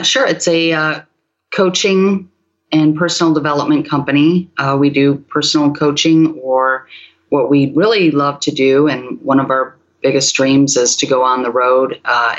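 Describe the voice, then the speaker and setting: A woman guest answering in a measured way with many pauses and fillers. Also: a bass voice, steady tone, muffled recording. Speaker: podcast guest. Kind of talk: casual interview chat.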